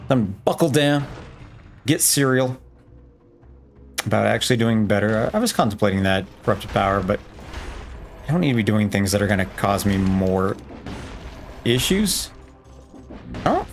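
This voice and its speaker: A man with a fairly low voice talks his way through a game run in a loose, rambling way. He keeps tossing in playful, self-joking asides, and faint music plays under his voice. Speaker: let's play gamer. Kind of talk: casual gameplay commentary.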